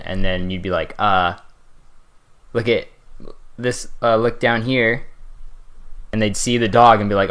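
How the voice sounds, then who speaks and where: A man's voice: lowish voice, steady tone, unhurried, long pauses, a bit bright, clear, resonant tone. Young male commentator, loose rambling roast delivery, crude and jokey. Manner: rambling, swearing, frequent laughs and voice jumps. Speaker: commentary host. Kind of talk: casual comedic roast commentary.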